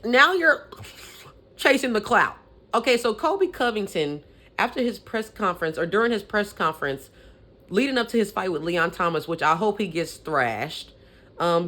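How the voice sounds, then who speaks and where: A woman's voice: on the low side, fairly bright tone. A young adult woman vlogging, giving sassy, opinionated sports commentary with petty trash talk.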